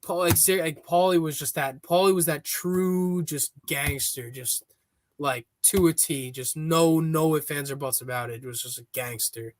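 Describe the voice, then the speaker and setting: A man talking as a podcast guest in a casual, rambling chat, restarting his sentences often and getting excited. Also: a little high, moderate pace, no room sound, clean studio sound.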